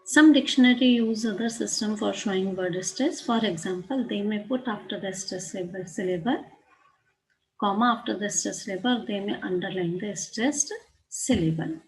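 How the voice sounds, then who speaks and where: A woman's voice: medium pitch, moderate pace, darkish tone, low-quality recording. Indian English woman giving a lecture. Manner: reads from text, then explains with spelled-out letters and asides in Hindi. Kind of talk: classroom lecture on phonetics.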